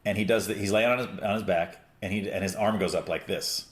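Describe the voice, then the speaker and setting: A middle-aged man with a lowish voice tells stories in a relaxed, rambling way. He uses plenty of fillers and restarts, and he slips into other people's voices when he quotes them. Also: fast. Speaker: podcast host. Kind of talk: casual conversation.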